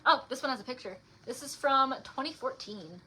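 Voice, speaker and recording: Bright-voiced young woman reading her poems. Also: sits high, expressive, brisk, a little hiss or hum. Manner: chatty with many "like" fillers, softer when reading poems. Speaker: author reading her poetry. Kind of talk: casual livestream reading.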